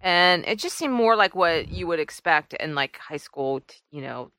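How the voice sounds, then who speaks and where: A woman co-hosting a casual podcast, animated and exclaiming as she talks. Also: fairly low pitch, normal speed, smooth, dry recording. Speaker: podcast co-host.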